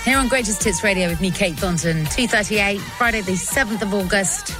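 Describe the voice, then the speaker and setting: A woman presenting a radio show, reading out listeners' pun suggestions with quick, playful asides. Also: mid-range voice, over loud music. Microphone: studio microphone.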